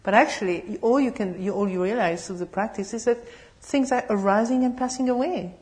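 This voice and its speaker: A Buddhist nun giving a dharma talk, telling humorous, animated stories. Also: female voice, fairly high pitch, brisk. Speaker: Buddhist nun and meditation teacher.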